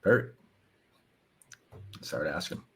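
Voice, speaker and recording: A man hosting a live calling session, coaching a caller bluntly in casual, filler-heavy talk. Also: takes it slowly. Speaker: host and sales coach.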